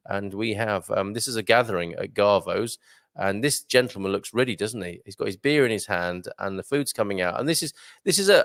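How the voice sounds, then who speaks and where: A man's voice: on the low side, gravelly, no echo, studio quality. A man hosting a live breakfast show, chatting casually and jokingly as he reads out viewer comments with many ums and uhs. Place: live broadcast from a resort venue.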